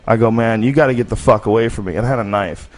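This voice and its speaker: Casting: low-voiced male podcast host, rambling candid storyteller, swears freely. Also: quick pace. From United States. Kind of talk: casual storytelling.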